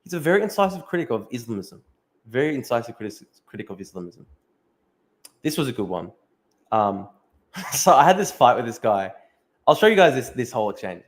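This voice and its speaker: A young man chats loosely on a livestream. He swears freely and laughs his way through posts he scrolls past, in a voice of ordinary pitch. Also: sing-song, fairly quick, long pauses. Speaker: livestream host. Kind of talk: casual livestream chat reading comments.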